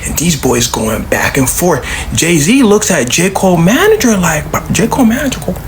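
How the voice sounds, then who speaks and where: A woman telling a story in a casual narrating style, animated and acting out the quotes herself. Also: on the low side, moderate pace, a little hiss or hum.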